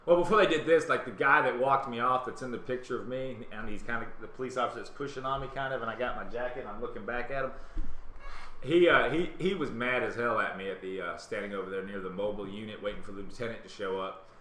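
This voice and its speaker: A man with a Southern US accent hosting a live web talk show, telling a story in a casual, animated way and acting out other people's lines. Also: mid-range voice, fast talker. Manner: animated, acts out quotes in other voices. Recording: roomy webcam stream with faint hiss.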